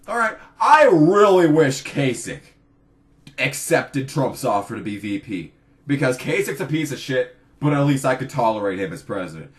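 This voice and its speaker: A man's voice: medium pitch, very animated, moderate pace. A young man in his twenties, a college student by his own account, giving a profane, exasperated rant on his vlog. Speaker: vlogger. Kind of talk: ranting political vlog.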